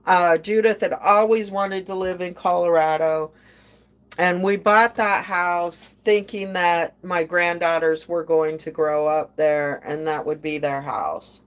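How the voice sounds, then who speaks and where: A woman's voice: lowish voice, unhurried. An older woman telling a story in casual chat, indignant and sarcastic as she recounts it. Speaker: podcast host.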